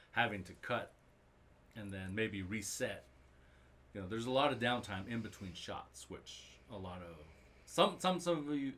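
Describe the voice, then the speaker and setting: A man speaking as a guest in a casual interview, halting as he repeats words and says "uh" while he thinks. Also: on the low side, fairly bright tone. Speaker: guest comedian and actor.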